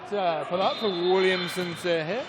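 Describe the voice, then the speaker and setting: A man calling live volleyball play-by-play in brisk calls with wry asides. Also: sits high, background noise. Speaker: play-by-play commentator. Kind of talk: live sports commentary.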